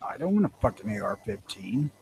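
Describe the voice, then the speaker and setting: A man's voice: on the low side, sing-song, a little fast, vocal fry, darkish tone, slightly rough, poor audio. A man co-hosting a casual podcast, blunt and profane, teasing his co-host.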